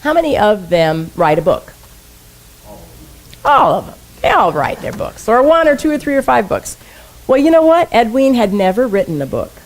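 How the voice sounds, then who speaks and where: A woman's voice: on the high side, very animated, moderate pace, poor audio. Chatty woman minister preaching. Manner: conversational, asks the congregation questions. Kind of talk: sermon. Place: church sanctuary.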